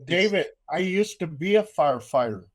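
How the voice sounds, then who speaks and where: An older man hosting a casual chat, telling a story with animation and loudly acting out the lines he quotes. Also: on the high side, lively intonation, moderate pace.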